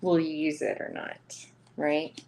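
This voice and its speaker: A woman's voice: low voice, little pitch movement, unhurried, gravelly, a little mellow, a little hiss or hum. A woman with a Southern US accent giving a chatty live-streamed tarot reading, laughing often between cards. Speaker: tarot reader.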